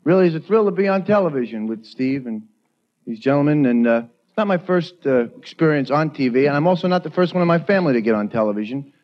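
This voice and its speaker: A young man from New York doing a stand-up routine, delivering quick punchlines and slipping into silly voices. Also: a little high, animated. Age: young adult. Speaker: stand-up comedian. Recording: dull lo-fi 1980s TV audio, loud hiss. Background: studio audience laughter.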